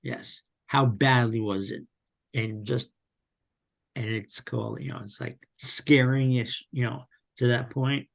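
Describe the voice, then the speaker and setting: Slow, gravelly man speaking haltingly. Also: medium pitch, fairly even intonation. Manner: slow, halting, with many pauses and fillers. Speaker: podcast guest. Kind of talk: candid personal interview.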